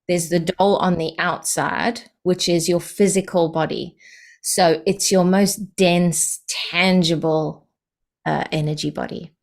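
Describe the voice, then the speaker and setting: A woman from the UK, a podcast guest calmly explaining ideas in a patient, unhurried way with frequent fillers. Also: on the low side, gravelly. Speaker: podcast guest, energy healing practitioner. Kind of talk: explanatory interview talk.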